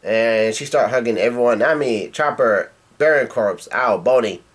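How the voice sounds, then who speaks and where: A man reading through a comic chapter casually, haltingly, with restarts and blunt asides. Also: mid-range voice. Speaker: comic reader and reviewer.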